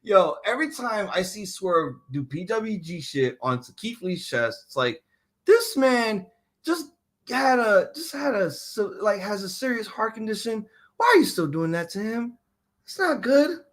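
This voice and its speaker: A man hosting a casual wrestling reaction chat, excitable and profane, often restarting his sentences. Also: high voice, unhurried. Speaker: podcast host.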